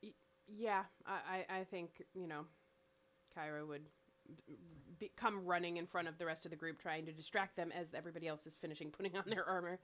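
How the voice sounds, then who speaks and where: A woman's voice: fairly low pitch, fairly even intonation, fairly quick, fairly bright tone. A woman playing a tabletop game, explaining her character's actions with stammers and restarts. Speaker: player. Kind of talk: tabletop game play, casual chat.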